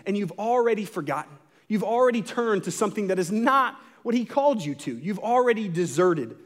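A young man preaching a sermon in a lively, conversational way, with bursts of dramatic emphasis. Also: sits high. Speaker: pastor.

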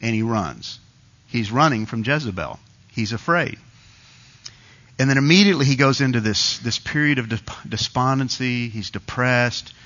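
Guy preaching, chatty storytelling sermon, bright tone, kinda dull lo-fi sound. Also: medium pitch, lively intonation, moderate pace. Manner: conversational storytelling with quoted asides.

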